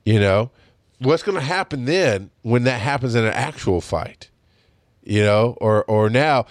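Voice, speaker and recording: A man's voice: medium pitch, expressive, measured pace, no echo, studio quality. A man hosting a podcast, talking in a candid, rambling monologue full of restarts. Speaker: podcast host. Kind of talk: casual solo monologue.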